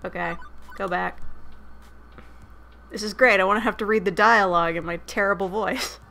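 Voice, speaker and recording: A woman's voice: mid-range voice, fairly even intonation, normal speed, creaky, bright, forceful tone, a little hiss or hum. A woman streaming a dating sim, chatting casually, swearing freely and reading the game text aloud between her asides. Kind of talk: casual gameplay commentary.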